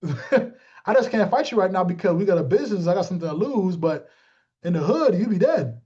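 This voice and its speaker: A man giving a motivational talk to his team, animated and streetwise, calling out listeners by name. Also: high-pitched, brisk, dull audio. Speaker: team leader.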